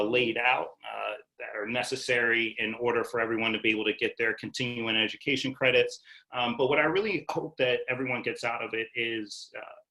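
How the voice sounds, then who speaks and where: A young adult man, an attorney, presenting a webinar in a relaxed, conversational way with many fillers. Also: mid-range voice, poor audio.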